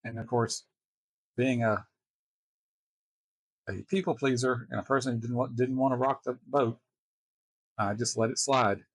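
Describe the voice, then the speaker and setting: A man hosting a reaction video, telling personal stories in a halting, casual way with wry chuckles. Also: mid-range voice, fairly even intonation, no room sound. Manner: halting, restarts often, chuckles wryly.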